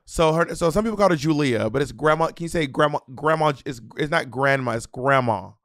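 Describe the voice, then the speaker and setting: A man's voice: a little high, lively intonation, fairly bright tone, no room sound, studio quality. A man co-hosting a podcast in a playful, teasing casual chat. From Southern United States. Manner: teasing, quick-talking, playful. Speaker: podcast co-host.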